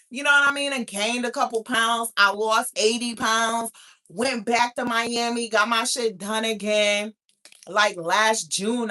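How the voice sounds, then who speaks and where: A woman in her thirties hosts a talk show podcast, laughing and swearing her way through brash, casual conversation. Her voice is a little high with a sharp tone.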